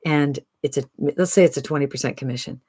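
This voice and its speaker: A speaker in their sixties giving an upbeat, chatty sales pitch to camera, often tossing in a rhetorical "right?". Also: quick pace, darkish tone, breathy edge, no room sound. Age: 60s. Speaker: online business promoter.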